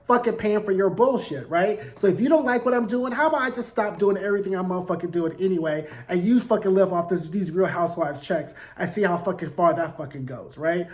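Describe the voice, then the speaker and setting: A man's voice: high voice, a little fast, hardly any pauses. Sassy guy in his 40s ranting thru a tv recap, cussing a lot, keeps saying "right?". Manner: sassy, animated, profane, lots of "like" and "right?". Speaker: TV recap host. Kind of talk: casual review commentary.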